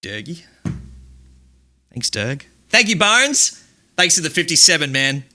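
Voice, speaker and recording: Bright, lively male streamer. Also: a little high, a little slow, slight background noise. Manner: reads out chat quotes and reacts with dry asides and laughs. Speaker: streamer hosting a chat-quote countdown. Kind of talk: casual live-stream commentary.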